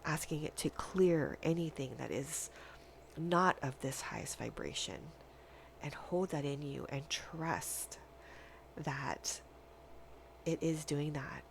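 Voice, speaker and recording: A woman giving a spiritual tarot reading, speaking in a dreamy, halting way with long pauses. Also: deep voice, gravelly, a little hiss or hum. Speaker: tarot reader.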